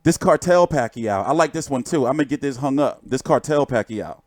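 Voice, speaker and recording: A man's voice: medium pitch, fairly quick, dry recording. A man hosting a boxing livestream, chatting loosely and cracking profane jokes while showing pictures. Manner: joking, profane, rambling show-and-tell. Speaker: boxing channel host. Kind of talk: casual livestream chat.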